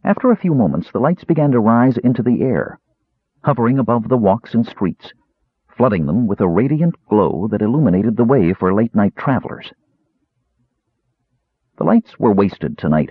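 A man narrating an audiobook with expressive storytelling. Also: lowish voice, breathy edge, no echo. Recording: tinny lo-fi narrow band.

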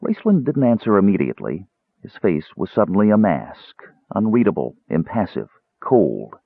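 A man narrating a fantasy story in a scripted, expressive storytelling delivery. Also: lowish voice, moderate pace, vocal fry, husky, dry recording. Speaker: audiobook narrator. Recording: tinny phone-like band, dry.

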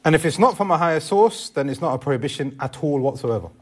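A man's voice: fairly high pitch, expressive, fast talker, darkish tone, breathy edge. A man teaching a classroom lesson on Islamic law, explaining step by step and asking the class questions.

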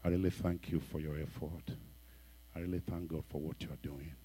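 A man playing a troubled church member, a grown woman, speaking softly and in a subdued, confiding way. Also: a bass voice, fairly even intonation, normal speed, slight background noise, voice pushed down. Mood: weary.

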